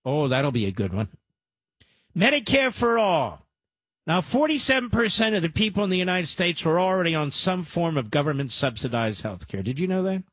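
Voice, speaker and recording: Male talk radio host, husky voice, dry studio sound, combative, sarcastic, rambling. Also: fairly high pitch, very animated, moderate pace, fairly bright tone, no echo. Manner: sarcastic, combative, rambling asides to his producer.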